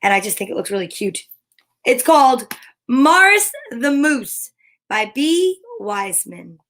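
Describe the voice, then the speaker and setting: A woman's voice: on the high side, unhurried. A woman hosting storytime, reading a children's book aloud expressively. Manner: expressive, animated. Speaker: storytime host.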